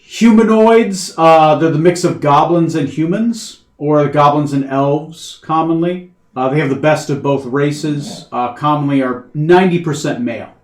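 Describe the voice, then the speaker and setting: A man's voice: on the high side, a little slow. A man narrating a tabletop game as game master, hesitant with many fillers. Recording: echoey room.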